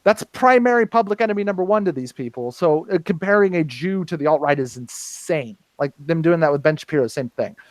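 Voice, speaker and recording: A man with a somewhat high voice rants in a heated, profane way on a casual podcast. He rambles and restarts his sentences. The recording is dry, with no room echo. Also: animated, fairly quick, few pauses. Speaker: podcast host. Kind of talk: casual roundtable rant.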